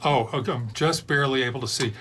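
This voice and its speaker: A man's voice: medium pitch, fast, a bit bright, slight background noise. A middle-aged man hosting a beer review show, chatting casually and drifting off into long digressions. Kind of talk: rambling casual chat.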